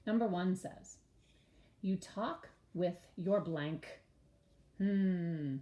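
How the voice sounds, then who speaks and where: Woman, early-grades teacher, slow letter-by-letter spelling, warm low tone, roomy echo. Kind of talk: early-grades reading lesson.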